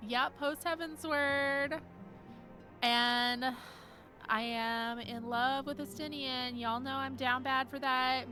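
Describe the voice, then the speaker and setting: Young woman streamer, kinda high voice, giggly and fangirly, game music going underneath. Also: steady tone, slow. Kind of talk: casual gameplay chat reading chat.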